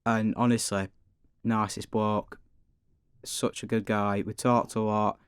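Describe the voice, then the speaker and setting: Cheeky teenage lad with a Manchester accent. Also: male voice, on the low side, flat delivery, slow pace, clear, resonant tone, no echo, studio quality. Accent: Mancunian. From Greater Manchester. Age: teens. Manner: cheeky, chatty, stumbles over words. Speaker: studio guest. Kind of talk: radio interview. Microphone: studio microphone.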